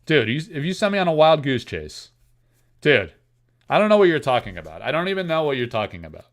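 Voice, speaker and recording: A man hosting a live card-opening stream, chatting casually to his viewers, excitable and self-mocking. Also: a little high, fairly quick. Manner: excitable, self-mocking, talks straight to chat.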